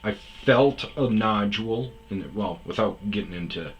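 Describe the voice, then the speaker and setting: A man's voice: fairly low pitch, moderate pace, dull audio. A man telling a long personal story in a rambling, casual way, full of fillers and quoted back-and-forth. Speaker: podcast host telling stories.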